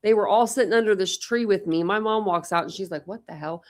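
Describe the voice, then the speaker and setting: A woman's voice: medium pitch, quick pace. A talkative young woman hosting a casual panel chat, telling stories with lots of quoted voices. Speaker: channel host.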